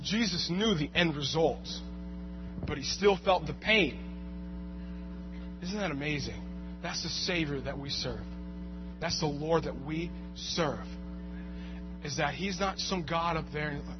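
Animated high-voiced man preaching. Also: measured pace, pauses often. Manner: animated, swings from quiet asides to loud shouts. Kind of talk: sermon. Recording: muffled recording with music and hum.

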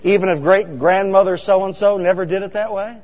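A middle-aged pastor speaks at normal speed in a high-pitched voice with a steady tone, preaching a humorous, story-driven sermon. He's chatty and often asks the congregation questions. The recording is dull, carrying long hall reverb.

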